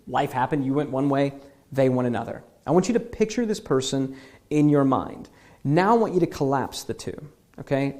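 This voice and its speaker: A man's voice: a little high, dark tone. Casual, chatty male instructor. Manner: casual, conversational, many fillers and "okay?" check-ins. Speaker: marketing instructor. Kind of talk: guided visualization lesson.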